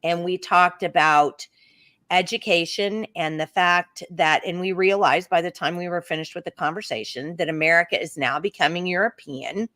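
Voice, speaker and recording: A middle-aged woman with an Oklahoma accent talks in a lowish voice, spinning a long story for her co-host. She is animated and chatty and slips into quoted voices. The sound is close and dry, with no room around it. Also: normal speed, dry recording. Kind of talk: casual chat, telling a travel story.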